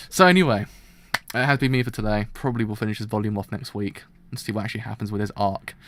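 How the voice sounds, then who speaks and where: A man's voice: medium pitch, no room sound. A man streaming a live reaction to a manga, ranting with passion and leaning often on "kind of".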